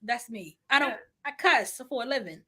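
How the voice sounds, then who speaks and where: A woman hosting a podcast in casual chat, loud and playful, laughing often and cussing freely. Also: fairly high pitch, expressive, normal speed, husky. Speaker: podcast host.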